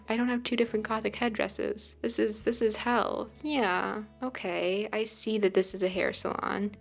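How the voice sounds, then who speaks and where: A woman's voice: medium pitch, creaky. A woman chatting sarcastically and self-deprecatingly as she narrates her gameplay in a casual vlog. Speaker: gaming vlogger.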